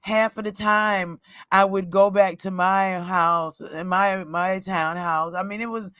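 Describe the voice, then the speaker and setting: Slow rambling middle-aged woman. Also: medium pitch, fairly bright tone, no echo. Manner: rambling, halting, laughs often. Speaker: roadside assistance worker. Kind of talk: casual storytime vlog.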